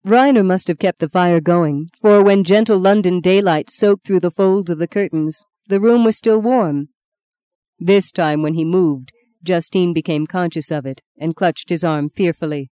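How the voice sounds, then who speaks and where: Warm low-voiced woman narrating a novel. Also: normal speed, clear, resonant tone, no room sound. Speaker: audiobook narrator.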